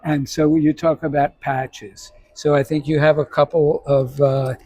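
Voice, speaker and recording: A man's voice: on the high side, level tone, unhurried, mellow, dry recording, low-quality recording. A man interviewing a guest, asking easygoing prompting questions.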